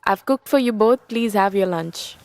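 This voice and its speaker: A woman dubbing a busy mother in a film, briskly giving her boys instructions. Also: medium pitch, darkish tone, faint music behind, natural voice. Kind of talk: dubbed film dialogue.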